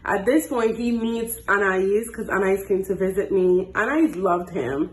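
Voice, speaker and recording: A woman in her twenties telling a dating story in a casual, animated way and acting out the dialogue. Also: medium pitch, measured pace. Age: 20s. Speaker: storytime host. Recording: echoey room.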